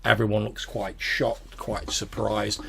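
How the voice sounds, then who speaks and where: Gravelly-voiced man running a tabletop game. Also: lowish voice, monotone, a little slow, fairly bright tone, slight background noise. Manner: casual, filler-heavy, says like a lot. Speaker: game master.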